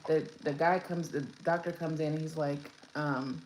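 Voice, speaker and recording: Low-voiced young woman telling a storytime. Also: steady tone, moderate pace, hardly any pauses, a little mellow. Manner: chatty, rambling with many fillers and restarts. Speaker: new mother telling her birth story. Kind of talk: casual storytime vlog. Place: room at home with her baby. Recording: echoey room, faint background noise.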